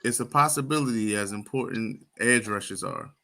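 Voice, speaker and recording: Guy with a bright forceful voice tossing out draft picks, easygoing slang. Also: fairly low pitch, normal speed, gravelly. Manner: laid-back slang, hedging his takes. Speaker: podcast co-host. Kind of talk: casual sports debate.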